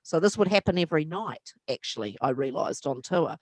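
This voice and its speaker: A woman with a New Zealand accent, a publicist and musician, telling an animated backstage anecdote as an interview guest. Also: low-pitched, a little fast, no room sound. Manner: animated, acts out voices in her stories. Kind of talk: anecdotal storytelling.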